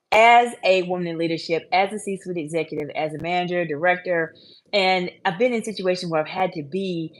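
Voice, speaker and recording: A woman in her forties who coaches women leaders, giving advice to the camera in a measured, emphatic, repetitive way. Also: lowish voice. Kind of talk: advice video talking to the camera.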